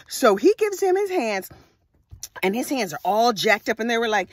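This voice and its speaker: An animated woman telling a crime story in a casual, chatty way and throwing in sassy asides. Her voice sits high and leaps all over the place. The sound is close and dry. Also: normal speed, no echo. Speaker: true crime vlogger.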